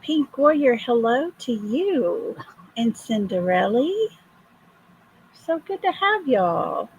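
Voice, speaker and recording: An older woman, hoarse from illness, greeting viewers one by one in a slow, casual livestream chat. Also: a little high, big pitch swings, highs cut off, a little hiss or hum. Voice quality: gravelly, husky. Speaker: livestream host.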